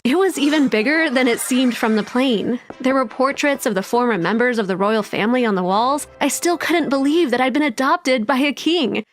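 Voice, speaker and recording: A woman giving a first-person storybook narration, wide-eyed and expressive. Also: fairly high pitch, no echo, clean studio sound.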